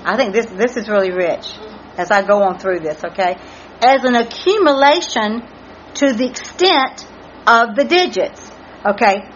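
Her voice on the high side and her intonation lively, a woman teaches a Bible study a little slowly, spelling out Hebrew words letter by letter in earnest. Some hiss or hum sits under the muffled lo-fi recording, along with faint ambience.

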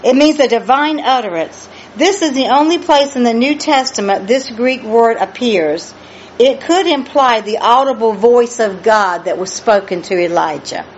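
Female preacher, Bible study sermon, emphatic and slow, slightly high voice, lo-fi muffled sound. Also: lively intonation. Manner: emphatic, exclaims hallelujah and asks the listeners questions. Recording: dull lo-fi recording with faint noise.

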